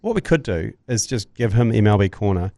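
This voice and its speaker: A man's voice: fairly low pitch, lively intonation, brisk, vocal fry, warm tone, no room sound, studio quality. A man, hosting a sports podcast with chatty, agreeable banter. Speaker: podcast host. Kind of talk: casual banter.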